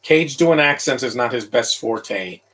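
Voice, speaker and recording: A man's voice: medium pitch, expressive, unhurried, a bit bright, rough recording. Opinionated man rambling over a movie. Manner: opinionated, rambling, frequent restarts. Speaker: movie commentary host. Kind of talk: casual live movie commentary.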